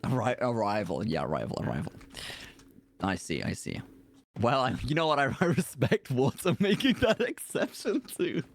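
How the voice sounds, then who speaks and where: A man in casual role-play chat during a game stream, giving advice in an animated, playful way with big pitch swings. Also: normal speed, vocal fry, slight background noise.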